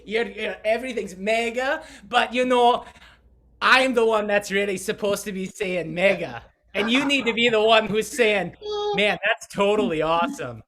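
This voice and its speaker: A man putting on a loud, exaggerated Scottish accent to tease his co-host. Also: high voice, normal speed, pitched above the performer's own voice. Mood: mock-scolding. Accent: put-on Scottish.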